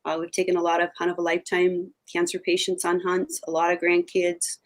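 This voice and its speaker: Older woman, TV hunting co-host, low-ish pitch, emphatic and chatty. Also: monotone, brisk. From Oregon. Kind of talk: casual interview talk.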